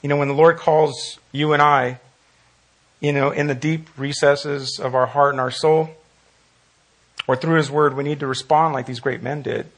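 Man, Bible study teacher, slightly high, gravelly husky voice, earnest and repetitive. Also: fairly even intonation, normal speed. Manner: earnest, repeats phrases for emphasis. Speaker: pastor leading Bible study.

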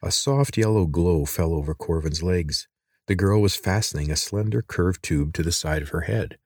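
Deep-voiced male audiobook narrator. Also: dry recording, clean studio sound. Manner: measured storytelling.

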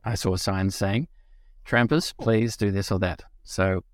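A man with an Australian accent, co-hosting a podcast in relaxed casual chat, restarting his sentences often. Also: low voice, unhurried, no echo, studio quality. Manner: relaxed, with frequent restarts and fillers. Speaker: podcast co-host.

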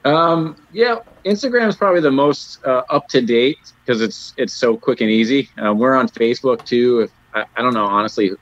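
A man, a custom motorcycle builder, talking as an interview guest in a halting, rambling, modest way over dull lo-fi remote audio. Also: mid-range voice, a bit bright, no echo. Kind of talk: casual interview chat.

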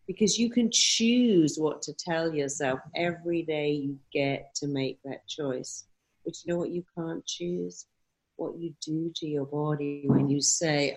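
A woman's voice: low voice, measured pace. A woman answering interview questions in an emphatic way, often acting out quoted self-talk. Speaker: guest speaker on mindset.

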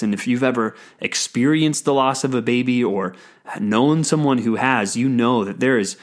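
Conversational male pastor teaching a sermon. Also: mid-range voice. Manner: conversational preaching with frequent fillers and restarts. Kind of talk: sermon teaching on a Bible passage.

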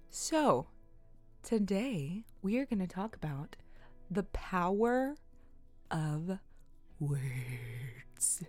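A young woman hosting her own podcast, talking in a giggly, excitable way and swearing often. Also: medium pitch, takes it slowly, dry recording, faint music behind. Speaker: podcast host. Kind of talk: casual solo podcast.

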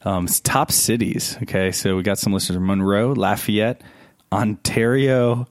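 Man, priest, podcast host, casual chat, low voice, bursts of laughter, dry close sound. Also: normal speed, no echo. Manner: animated, laughs often, jumps to high pitch for emphasis. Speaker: Catholic priest.

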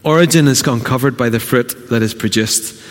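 A man's voice: mid-range voice, normal speed, big-room sound. A man from Northern Ireland preaching a sermon as pastor, earnest and exhorting, putting direct questions to the congregation. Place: church hall.

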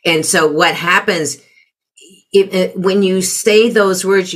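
A woman's voice: lowish voice, fairly even intonation, takes it slowly, breathy edge. A middle-aged woman advising on parenting in a conversational interview, reflective and acting out quoted remarks in changed voices. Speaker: parenting guest.

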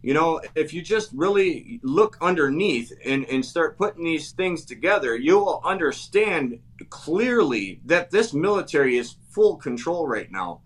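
A man's voice: a little high, expressive, a little slow, hardly any pauses. A man from Wisconsin with an Upper Midwest accent, a guest talking fervently and emphatically, repeating himself and restarting phrases. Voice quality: emphatic, repetitive, full of restarts. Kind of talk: fervent talk-show chat.

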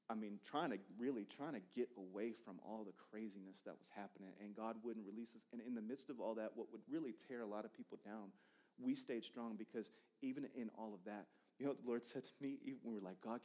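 A male preacher in his thirties telling a personal testimony from the pulpit. He talks in a loose, conversational way, repeating words and restarting sentences, and swings between loud, animated bursts and quiet, hushed asides. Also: fairly low pitch.

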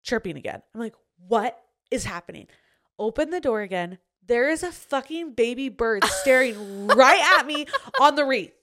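Young pregnant woman, podcast host, higher voice, animated storyteller who swears casually. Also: moderate pace, few pauses. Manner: animated storytelling, swearing, acting out her own reactions. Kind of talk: casual chat.

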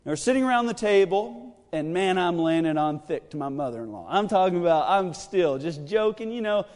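A man's voice: high-pitched, animated, fairly quick, a little mellow. A man preaching a midweek sermon, telling a joking personal story in a chatty, rambling way with lots of fillers. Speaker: pastor. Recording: long reverb of a church hall.

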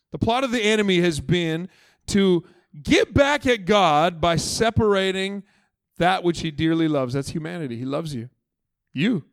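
Man, pastor, sermon, earnest and emphatic, chatty asides, fairly high voice, dry close sound. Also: no echo. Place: church service.

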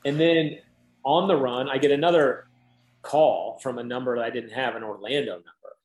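A man's voice: medium pitch, steady tone, moderate pace, a little mellow, echoey room, low-quality recording. A man in his thirties, a guest in an interview, telling a long story casually with lots of "like" and acted-out quotes. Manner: chatty, peppered with "like", acts out quoted dialogue.

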